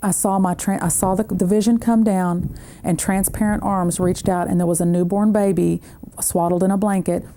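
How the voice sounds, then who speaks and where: A woman guest giving an earnest personal faith testimony, halting and restarting as she talks. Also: medium pitch, little pitch movement, dark tone, a little hiss or hum.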